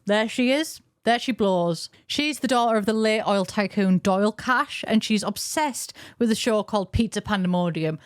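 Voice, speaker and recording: A young woman talks through game lore in a chatty, playful voice full of jokey asides. Her pitch is middling, and the sound is dry and close to the mic. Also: moderate pace, few pauses, clean tone, no room sound. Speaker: YouTuber. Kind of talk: game lore explainer narration.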